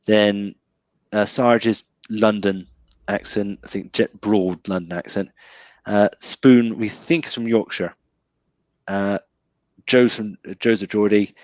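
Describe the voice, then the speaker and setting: A man's voice: fairly low pitch, steady tone, takes it slowly, a little mellow, no echo. A man talking about a film as a guest in a casual chat, hesitant and full of restarts. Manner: hesitant, restarts with many ums.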